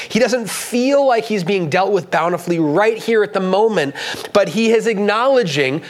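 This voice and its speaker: A man preaching a sermon as pastor, talking earnestly and rising in pitch when he reads scripture aloud. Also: expressive, normal speed.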